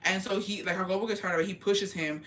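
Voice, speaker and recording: Young woman vlogger with a bright voice, dishing gossip in storytime style and playing every quoted line herself. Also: mid-range voice, quick pace, a little hiss or hum. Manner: animated, profane, acts out quoted dialogue.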